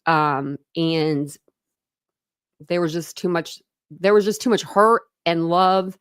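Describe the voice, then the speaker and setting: A woman's voice: fairly low pitch, slow, clean tone, no echo, clean studio sound. A woman hosting a true crime livestream, chatting casually with viewers, rambling and laughing often.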